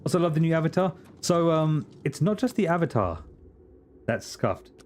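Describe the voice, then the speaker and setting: A man's voice: fairly high pitch, sing-song, normal speed, a little mellow, a little hiss or hum. Ranting man streaming games. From Britain. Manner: crude, ranting comic asides. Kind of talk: casual live-stream chat.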